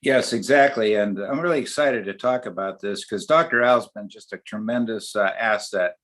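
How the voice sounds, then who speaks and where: A man's voice: lowish voice, moderate pace, a bit bright. An older man, an oral surgeon guest on a webinar, telling a long anecdote in a chatty way. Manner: chatty anecdotal storyteller with many fillers and restarts. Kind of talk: storytelling in a webinar.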